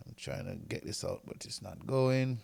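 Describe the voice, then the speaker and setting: A man's voice: fairly low pitch, moderate pace, gravelly, a little mellow, slightly rough. A man teaching a recorded grammar lecture, explaining step by step and often checking in with "right?" while he reads from a textbook and writes on a board. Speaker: Greek teacher.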